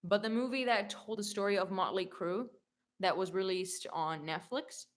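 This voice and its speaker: A young woman chats through viewer questions at a middling pitch. She rambles, fills her talk with "like" and often stops to correct herself. She sounds relaxed and unscripted. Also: moderate pace. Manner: chatty and rambling, with many "like" fillers and self-corrections. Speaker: YouTube singer answering fan questions. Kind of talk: casual Q&A chat reading viewer comments.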